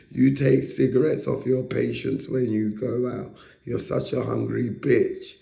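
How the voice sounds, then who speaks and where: Gravelly dark-voiced man ranting angrily. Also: mid-range voice, level tone, measured pace. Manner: angry, profane, repeats himself, rhetorical questions. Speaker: psychiatric ward patient. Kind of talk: confrontational rant at a staff member. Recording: echoey room.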